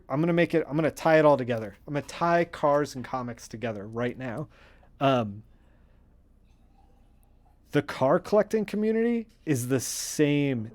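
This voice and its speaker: Guy on a coloring stream rambling away, lots of ums, gets worked up fast, middle pitch. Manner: rambling, excitable, lots of fillers. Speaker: streamer coloring comic art. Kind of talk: casual livestream chat.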